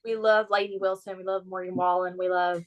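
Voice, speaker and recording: A young adult woman whose first language is Spanish, co-hosting a podcast in casual chat, eager and quick to jump in and repeat phrases. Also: on the low side, flat delivery. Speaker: podcast co-host.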